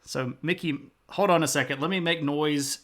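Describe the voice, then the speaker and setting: A man's voice: fairly high pitch, moderate pace, fairly bright tone. A man streaming live, chatting casually with viewers in a playful, self-mocking way. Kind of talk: casual chat reading viewer comments.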